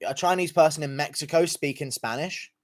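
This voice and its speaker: A man's voice: a little high, fairly quick. A young man streaming late at night, chatting casually with his chat in a profane, rambling way. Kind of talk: casual livestream chat reading.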